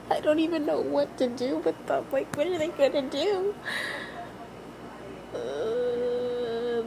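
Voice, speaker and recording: A woman's voice: a little high, noisy background. A woman vlogging casually at home to her viewers, nervous and rambling, close to tears. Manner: nervous and rambling, with many restarts and sighs.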